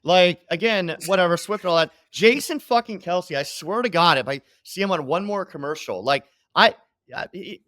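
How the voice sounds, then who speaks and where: A man's voice: high voice, lively intonation, normal speed, sharp tone, dry recording, studio quality. A man who co-hosts a sports podcast and delivers heated, profane rants. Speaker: co-host, sports bettor.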